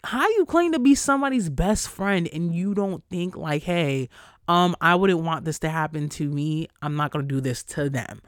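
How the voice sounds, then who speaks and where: A fired-up podcaster on a solo rant, cursing hard and firing off blunt questions. The voice sits in a middle pitch and comes through close and dry, with no room sound. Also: animated, dry recording. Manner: heated, profane, fast-cutting rant; frequent cursing and "like" fillers. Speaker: podcast host.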